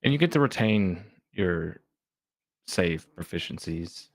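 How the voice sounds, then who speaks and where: A man's voice: deep voice, animated, unhurried, no room sound. A man co-hosting a podcast, chatting easily and reading game rules aloud. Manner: easygoing, reads rules aloud plainly. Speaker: podcast co-host. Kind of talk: casual chat about tabletop game rules.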